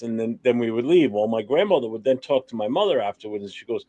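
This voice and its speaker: A man's voice: medium pitch, fast talker, hardly any pauses, dry recording. A middle-aged man hosting a livestream talk show, telling childhood stories in a loose, laughing, profane way. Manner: laughing, profane, animated storytelling. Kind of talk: casual chat, storytelling.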